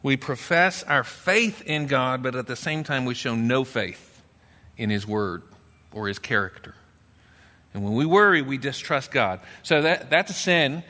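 A man with a Texan accent preaching a sermon in church, talking conversationally and dropping into a low grumbling voice when he acts out a doubter. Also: a little slow, pushed and bright. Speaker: pastor. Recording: long reverb in a church hall.

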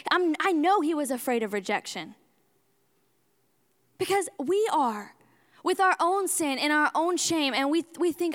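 A young woman giving a testimony in a sermon, animated and acting out her own outbursts. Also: sits high, normal speed. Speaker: speaker at a church service. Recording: long hall reverb.

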